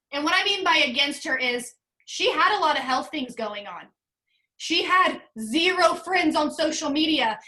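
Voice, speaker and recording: A woman leading a motivational team call over video, earnest and emotional, talking in quick bursts. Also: sits high, bright, forceful tone. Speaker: sales team leader.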